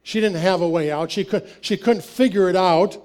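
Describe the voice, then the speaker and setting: A man with a noticeably high voice delivers a sermon built on personal anecdotes. He talks like he's chatting with the congregation, laughing easily and slipping into the voices of the people in his stories. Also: moderate pace, a little mellow. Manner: conversational, laughs often, acts out dialogue. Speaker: preacher.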